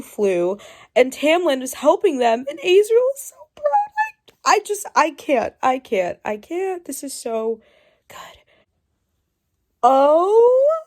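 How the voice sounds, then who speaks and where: High-voiced excitable woman vlogger. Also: a little slow. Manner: excitable, gushing, swings between whispers and squeals. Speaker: book vlogger. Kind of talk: casual reading reaction vlog.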